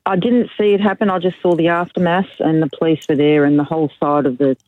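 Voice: mid-range voice, fairly even intonation, fast talker, dry recording. A caller phoning in to a talkback radio show, reporting plainly and a little hesitantly. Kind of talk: phoned-in talkback call. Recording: phone line.

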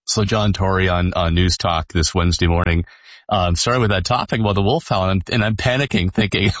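A man's voice: low voice, steady tone, moderate pace, a bit bright, no echo. A middle-aged man, a former party leader, joking and self-deprecating as a panel guest. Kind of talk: casual panel chat. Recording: dull, dry studio sound.

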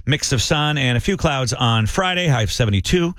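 A man's voice: medium pitch, a little fast, dry recording. A man hosting a morning radio show, reading the weather and chatting in an easygoing way. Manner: easygoing, relaxed with fillers. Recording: studio radio broadcast with music bed.

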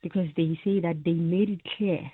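A woman reporter files a live update down a tinny phone line, her voice low and husky. She speaks in a measured way, pausing often with ums and uhs. The sound is dry and narrow. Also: steady tone, no echo. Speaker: news reporter.

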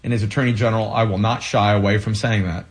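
Male political candidate, lowish voice; earnest, halting delivery full of fillers. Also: fairly even intonation. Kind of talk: interview answers.

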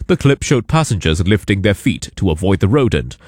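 A man reading a radio news bulletin in a measured, formal way. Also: low-pitched, very animated, darkish tone, husky, dry recording, clean studio sound. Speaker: newsreader.

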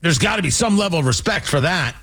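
A man delivering an opinionated political monologue, sarcastic and animated, slipping into mocking voices. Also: on the high side, fast talker, gravelly, breathy edge. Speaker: political commentator.

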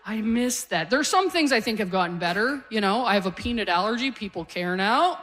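A woman's voice: mid-range voice, expressive, fairly quick, fairly bright tone. A middle-aged woman doing a stand-up comedy set, telling family stories and acting out the people in them. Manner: storytelling, acting out family members in quotes. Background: audience laughter.

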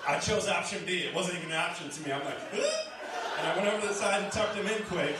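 A man performing stand-up in a bar, with a rather high voice. His self-mocking story is heard from some distance in a roomy, echoing space. Loud background noise sits behind it. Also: racing. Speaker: stand-up comedian. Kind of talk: stand-up comedy set. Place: bar comedy stage. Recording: noisy, echoey club recording from a distance.

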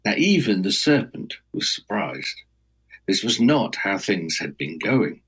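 A man telling a folk tale aloud in a measured, dramatic storytelling manner, as a guest on a talk program. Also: on the low side, big pitch swings, fairly bright tone, breathy edge, rough recording.

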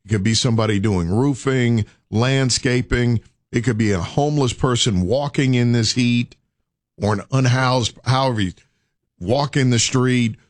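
A man's voice: mid-range voice, moderate pace, dry recording, clean studio sound. A man hosting a radio show, urging listeners with preacher-like repetition. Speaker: radio host. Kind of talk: morning radio talk.

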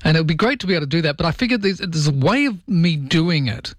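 A man's voice: on the high side, animated, fast talker, no echo. A man with an Australian accent hosting an overnight radio show, chatting in a joking, rambling way at a studio microphone. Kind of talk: casual radio chat.

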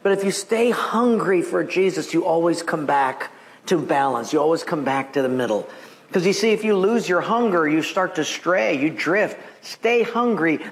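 A man in his seventies, a pastor preaching to his congregation with folksy stories, chuckling at his own punchlines. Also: on the high side. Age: 70s. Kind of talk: sermon with jokes. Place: church sanctuary with congregation. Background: congregation laughing.

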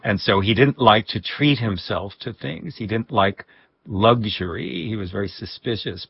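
A man recalling personal memories in a reflective interview, with a husky voice and soft laughs. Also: medium pitch, dry recording, dull audio. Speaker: guest. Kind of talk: reflective storytelling.

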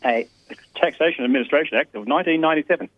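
A man rants fast down a tinny phone line, chuckling as he goes. His voice is mid-pitched and dry. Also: no room sound. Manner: rapid, ranting, laughs mid-sentence. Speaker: caller.

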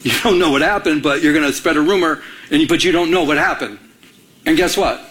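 Animated middle-aged preacher, higher voice. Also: male voice, fairly quick, slight background noise, poor audio. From Michigan. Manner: animated, acts out little dialogues, frequent restarts. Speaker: pastor. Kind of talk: sermon.

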